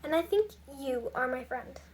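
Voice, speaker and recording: A woman's voice: high-pitched, lively intonation, moderate pace, darkish tone. A woman reading aloud, voicing a girl who exclaims and pleads with a clumsy elf. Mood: gentle. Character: exasperated young girl wishing for clothes.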